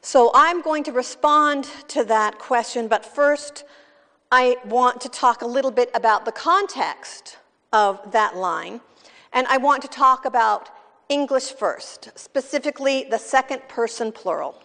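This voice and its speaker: A woman's voice: fairly high pitch, measured pace, bright, forceful tone, in a large hall. A woman from California preaching a sermon in a conversational, wry teaching manner. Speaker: pastor.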